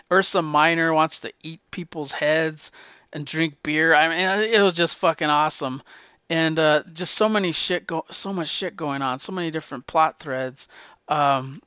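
A man's voice: on the high side, bright, forceful tone, clear, resonant tone, no echo, muffled recording. A man hosting a comics podcast in casual chat, enthusiastic and rambling, swearing freely and restarting often.

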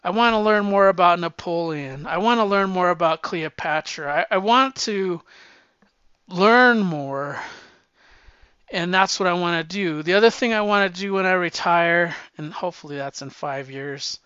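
Profane, rambling middle-aged vlogger, bright tone. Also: medium pitch, normal speed, smooth, no room sound. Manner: candid, profane, many restarts. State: slightly winded. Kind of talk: casual rambling monologue. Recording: dull lo-fi sound.

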